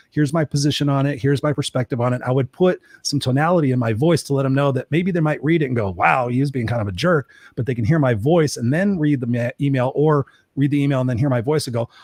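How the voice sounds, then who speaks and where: A man's voice: medium pitch, dry recording, clean studio sound. A middle-aged man co-hosting a talk show, talking energetically and giving practical advice. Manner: energetic, advice-giving, talks in long runs. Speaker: co-host. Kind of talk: casual chat.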